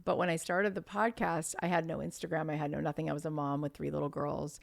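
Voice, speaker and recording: Chatty woman telling stories, lower voice. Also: fast talker, vocal fry. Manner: chatty, animated storytelling with many "like" fillers. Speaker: podcast guest. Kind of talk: storytelling in casual conversation.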